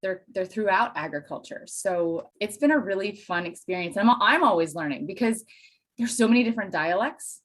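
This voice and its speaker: A woman from Pennsylvania, a Spanish teacher and dairy farmer, chatting as an interview guest with enthusiastic, animated storytelling and self-deprecating asides. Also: mid-range voice, a little fast. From Pennsylvania, USA. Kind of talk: casual interview chat.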